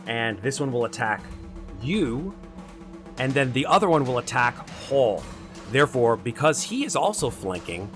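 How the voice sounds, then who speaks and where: A man narrating a tabletop game as dungeon master in a lively, animated way. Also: medium pitch.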